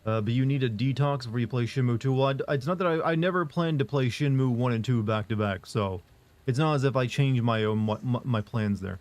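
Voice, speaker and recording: A man streaming live who answers chat in a casual, monotone, rambling way, full of fillers and restarts. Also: mid-range voice, brisk. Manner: monotone, flat delivery.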